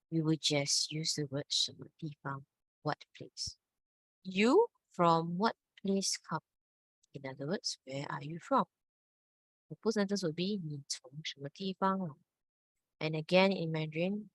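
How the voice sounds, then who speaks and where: A woman's voice: low voice, dry recording, rough recording. A woman teaching a Mandarin lesson, patiently checking understanding. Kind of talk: online language lesson.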